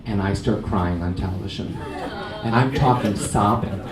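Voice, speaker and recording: A man from New York City tells funny stories about his news career to a lunch crowd, playfully acting out the voices of people he quotes. His voice carries through an echoey hall, picked up from a distance. The murmur of a crowd and steady noise sit behind him. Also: lowish voice, normal speed. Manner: humorous, self-deprecating, acts out quotes. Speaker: TV news anchor speaking at a luncheon. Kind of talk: storytelling speech. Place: restaurant event hall with a lunch audience. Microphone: venue microphone.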